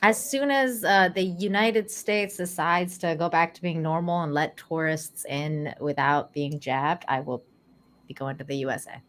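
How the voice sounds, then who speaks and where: A playful woman on a panel podcast teases the host and laughs often. Her voice sits a bit low for a woman. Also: a little slow, a bit bright. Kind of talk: casual panel chat.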